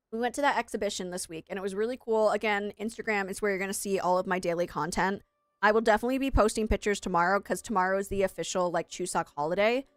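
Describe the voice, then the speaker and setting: A woman's voice: medium pitch, clean tone, no room sound, clean studio sound. Chatty rambling woman streamer. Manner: rambling, chatty, self-deprecating. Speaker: English teacher. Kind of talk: live gaming stream chat.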